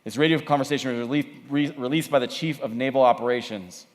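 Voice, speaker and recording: A man preaching at a youth camp, energetic and conversational, often repeating himself. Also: mid-range voice, fast. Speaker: camp speaker. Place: camp meeting hall. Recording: echoey hall.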